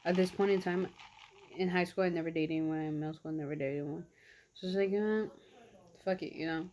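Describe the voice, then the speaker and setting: A young woman with a slightly low voice tells a story casually into her camera between bites. Her talk is chatty and slangy, packed with "like" and acted-out reactions. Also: fast talker, slight background noise. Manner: chatty, slangy, animated retelling with lots of "like". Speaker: vlogger. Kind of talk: casual storytime while eating.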